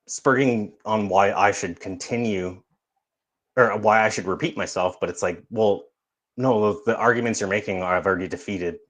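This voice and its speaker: A Canadian man with a fairly low voice chats loosely on a stream. He laughs a lot, curses freely and trips over his words as he goes. It sounds like relaxed late-night talk among friends. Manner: laughs often, swears a lot, restarts. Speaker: streamer host. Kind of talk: casual chat.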